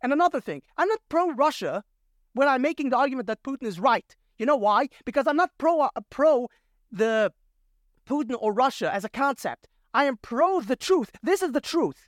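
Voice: mid-range voice, no echo, studio quality. A podcast host giving a solo political commentary rant, exasperated and sarcastic, firing off rhetorical questions to mock the other side. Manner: mocks opponents with quick rhetorical questions.

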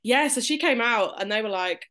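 A woman's voice: a little high, normal speed. Lady chatting on a podcast, acts out everyone's voices while she tells it. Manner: animated storyteller, acts out quoted voices. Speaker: podcast guest. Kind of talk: casual chat, telling a birth story.

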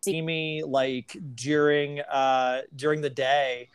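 A woman's voice: low-pitched, flat delivery, slow, clean tone. A woman talking as a podcast guest in casual, candid chat, rambling with many fillers.

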